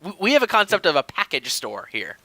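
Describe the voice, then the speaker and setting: Bright-voiced giggly man co-hosting. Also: fairly high pitch, wildly swooping pitch, brisk. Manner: giggly, self-mocking banter. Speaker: podcast co-host. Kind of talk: casual chat.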